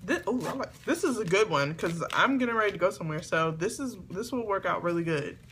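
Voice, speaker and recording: A woman chatting excitedly to camera as she opens gifts, talking to her viewers at home. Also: medium pitch, brisk, slight background noise. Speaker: beauty vlogger. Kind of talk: casual unboxing chat to camera. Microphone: camera on a tripod.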